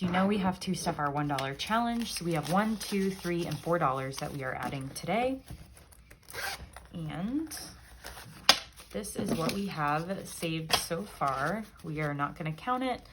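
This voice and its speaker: A woman's voice: sits low, heavy background noise. A woman vlogger chatting casually and upbeat as she counts bills aloud, one by one. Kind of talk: casual chat while counting cash.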